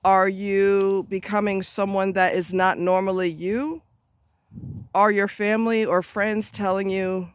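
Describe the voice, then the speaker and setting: A man's voice: high voice, little pitch movement, measured pace, clean tone, no room sound. A man talking straight to camera outdoors near a road, giving advice in an emphatic, blunt, chatty way with offhand asides. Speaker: advice vlogger. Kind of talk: casual advice monologue.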